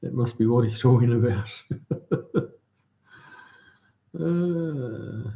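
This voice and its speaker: A man's voice: mid-range voice, extremely slow, gravelly, highs cut off. A man with a New Zealand accent hosting a livestream, chatting casually and reading out viewer comments with lots of ums and restarts. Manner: laid-back, many ums and restarts. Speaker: livestream host. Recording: roomy echo.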